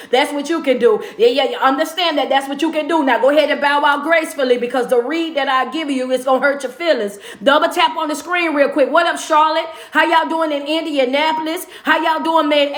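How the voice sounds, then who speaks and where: Woman livestream host, high-pitched and hyped, echoey room. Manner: hyped, calls out to viewers by place. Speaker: motivational speaker and livestream host. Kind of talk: casual livestream shout-outs.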